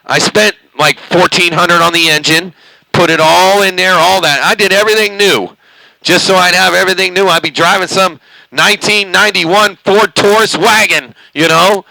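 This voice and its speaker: A man's voice: high voice, fairly even intonation, normal speed, creaky, bright, forceful tone, dry recording, rough recording. A man chatting casually on a CB radio from his bedroom, rambling with lots of fillers. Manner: rambling, folksy, hesitant fillers. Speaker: CB radio operator, channel host. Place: bedroom at home. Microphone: CB radio mic.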